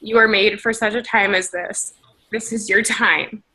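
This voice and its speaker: A woman's voice: medium pitch, fairly even intonation, unhurried, bright, forceful tone, low-quality recording. A woman leading a team video call, giving an emotional motivational pep talk in a shaky, tearful, gushing way.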